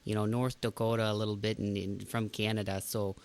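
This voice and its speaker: A man's voice: lowish voice, flat delivery, a little fast, a little mellow, clean tone, natural voice. A man voicing a chatty, motherly older woman from the northern Midwest, rambling with lots of fillers. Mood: folksy chatty.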